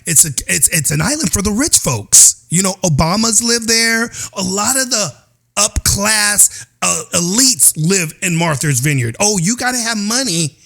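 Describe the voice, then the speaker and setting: A man's voice: high-pitched, animated, unhurried, gravelly, pushed and bright. A man hosting a podcast, ranting in casual political commentary with a sing-song delivery and many "oh, yeah" asides. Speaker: podcast host.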